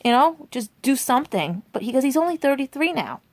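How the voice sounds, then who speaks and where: A woman's voice: high voice, big pitch swings, brisk, no room sound. A woman in her forties telling a rambling personal story to her viewers, chatty and full of asides like "right?" and "and everything". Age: 40s. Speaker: vlogger.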